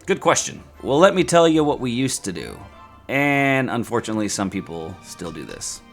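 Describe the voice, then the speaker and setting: A man teaching statistics in a playful, sarcastic, animated way. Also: mid-range voice, normal speed, gravelly, faint music behind. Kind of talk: scripted educational video.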